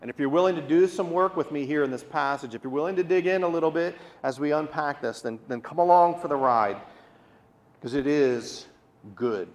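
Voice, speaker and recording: A man preaching a sermon, earnest and explanatory, often repeating words and slowing down to stress key words. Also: a little high. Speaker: pastor.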